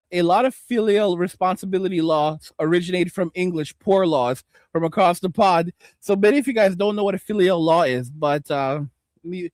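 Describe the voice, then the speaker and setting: A fairly high-pitched, slightly mellow male voice is heard on a dry recording. He's hosting a livestream, ranting and rambling with lots of swearing and stammered restarts, speaking straight to his audience and reading chat comments aloud.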